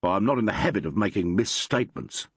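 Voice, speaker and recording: A proud, formal doctor who insists on his dignity, as a man reads him. His speech is emphatic and carefully correct, with a husky tone. The pitch moves widely over a dry, close sound. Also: lively intonation, brisk, dry recording. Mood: indignant. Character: proud, formal male doctor, quick to anger.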